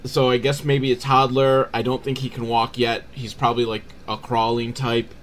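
A man recapping a low-budget movie in a sarcastic, rambling way, acting out the characters' lines. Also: little pitch movement, moderate pace, slight background noise. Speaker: movie riffing host.

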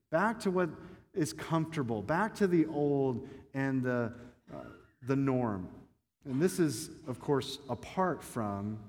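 Higher-voiced male preacher in a reverberant hall. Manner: conversational, joking asides to the congregation. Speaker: pastor. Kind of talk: sermon.

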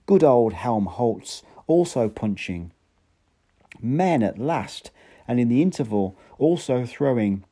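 A man's voice: medium pitch, warm tone. A man narrating an audiobook in an unpolished reading with occasional slips and restarts.

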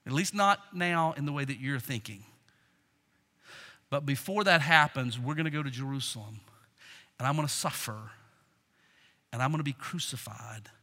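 Solemn, hushed male teacher, put on by a preacher, slow delivery, hall reverb. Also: medium pitch, pitched below the performer's own voice. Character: calm male teacher foretelling his death.

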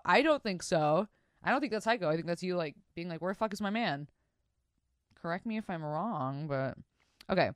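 On her casual podcast, a young woman reads out stories sent in by listeners, breaking in to laugh, swear, and react with lots of energy. Her smooth, clear voice sits low, and the close, dry recording carries no room sound.

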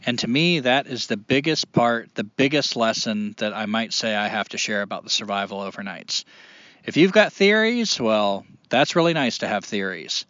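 A man's voice: medium pitch, a bit bright, no echo. A man hosts a casual podcast in an earnest, rambling way, full of fillers and restarts. The sound is dry and a little dull. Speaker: podcast host.

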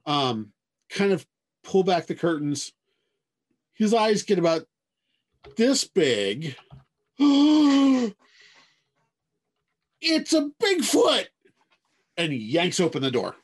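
A man narrating as game master of a tabletop game, hedging his descriptions as the scene unfolds. His voice is husky and slow. His pitch swings widely while he tells the story. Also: animated. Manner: drawn-out storytelling with many hedges.

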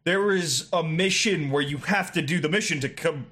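A man co-hosting a casual game-review chat, animated and sweary, slipping into mock voices. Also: on the high side, moderate pace. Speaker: podcast co-host.

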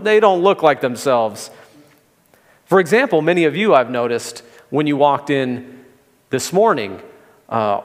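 Man preaching in a reverberant hall. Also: a little high. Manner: conversational preaching with gentle humor. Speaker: pastor. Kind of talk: sermon. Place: church sanctuary.

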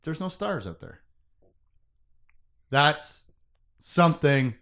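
A fairly high-voiced man co-hosting a casual book podcast. He recaps the story in an animated, joking way, jumping between loud bursts and quiet asides. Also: measured pace. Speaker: podcast co-host. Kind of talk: casual book discussion chat.

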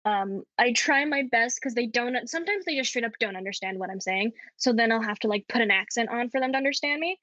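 A woman's voice: on the high side, expressive, quick pace, hardly any pauses, pushed and bright, no echo. A young woman with a Canadian accent in casual chat, talking with lots of fillers and frequent laughs. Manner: chatty, laughs often, many fillers. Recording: dull lo-fi sound.

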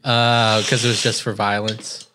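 A man's voice: fairly low pitch, little pitch movement, measured pace, bright, forceful tone, slight background noise. A young man co-hosting a casual podcast, telling rambling stories in a laid-back, profane way. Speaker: podcast co-host. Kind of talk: casual chat.

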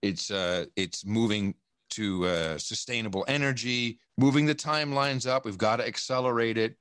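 A man's voice: fairly low pitch, normal speed, fairly bright tone, clean tone, dry recording, studio quality. A man talking in a casual interview, rambling and emphatic, swearing often and restarting his sentences. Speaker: podcast guest. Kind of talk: casual conversation.

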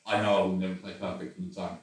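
A man's voice: low voice, level tone, rapid-fire, very echoey, recorded from a distance, poor audio. A man candidly telling personal stories in conversation, rambling and self-deprecating with frequent laughs. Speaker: interview guest.

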